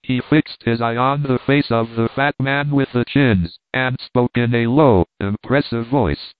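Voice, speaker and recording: Guy reading an old novel aloud, measured and wry, tinny dry audio. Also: mid-range voice, clean tone, no echo. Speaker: narrator. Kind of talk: audiobook narration of classic fiction. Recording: tinny phone-like dry sound.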